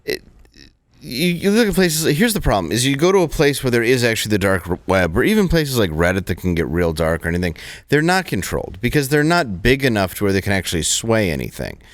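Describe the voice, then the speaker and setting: A man's voice: medium pitch, sing-song, fast talker, no echo. Casual man chiming in, dry room. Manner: casual, chiming in, restarts when building a point. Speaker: co-host. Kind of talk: casual political chat.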